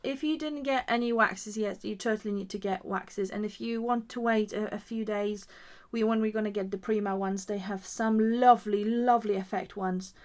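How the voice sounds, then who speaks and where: Speaking at a normal speed with a fairly even intonation, this woman has a mid-range voice and hardly pauses. As the craft shop's founder she demos live, thinking aloud and admiring her finished pieces with gushing praise.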